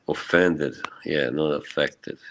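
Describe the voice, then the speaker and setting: Deep, slow-talking, shaken man streamer. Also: fairly bright tone, slight background noise. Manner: rambling and profane, answering chat. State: emotionally shaken. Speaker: live streamer. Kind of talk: casual live-stream chat.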